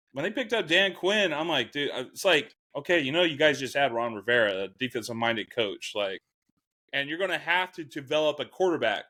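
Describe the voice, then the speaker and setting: A man's voice: fairly high pitch, bright, forceful tone. A man co-hosting a casual sports chat show, easygoing and rambling, with some swearing. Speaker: podcast co-host. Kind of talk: casual chat while drinking.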